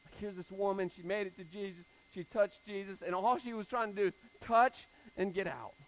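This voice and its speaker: A man preaching a sermon in a casual, animated style, repeating phrases for emphasis. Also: high-pitched, a little fast, rough recording.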